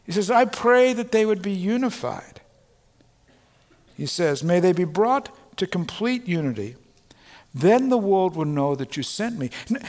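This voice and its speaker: A middle-aged man preaching from the pulpit with a fairly high voice for a man. The sound carries a long reverb from the hall around him. He is earnest, rising to loud proclamations and then dropping to quiet, personal asides. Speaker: pastor. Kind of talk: sermon. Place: church sanctuary.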